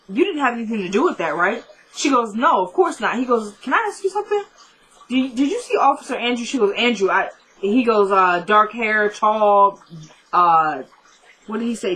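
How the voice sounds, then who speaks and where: A woman talks through a TV episode she just watched, retelling each scene by quoting the characters in a quick "he goes, she goes" rhythm. She is chatty and informal, and she breaks off now and then to talk straight to her viewers. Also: mid-range voice, sharp tone, rough recording. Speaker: TV episode recapper. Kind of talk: casual episode recap.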